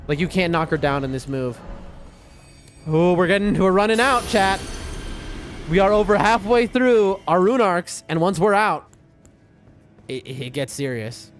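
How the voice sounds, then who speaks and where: A man streaming gameplay live. He talks to his chat with excitable, jumpy commentary, yelping at big moments and muttering in between. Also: high-pitched. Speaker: gaming streamer. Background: game music.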